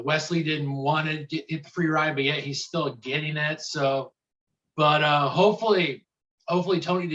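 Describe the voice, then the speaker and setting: A hesitant man rambles through his wrestling thoughts with many restarts. His voice sits a little high and comes through a dull, lo-fi mic. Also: fairly bright tone. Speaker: podcast co-host. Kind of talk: casual wrestling talk.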